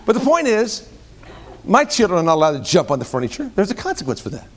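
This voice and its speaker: A middle-aged male pastor with a notably high voice preaches a sermon. He swings between loud, emphatic peaks and quiet, low asides. He often restarts phrases and repeats words mid-thought. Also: huge pitch swings, fast talker, a little hiss or hum.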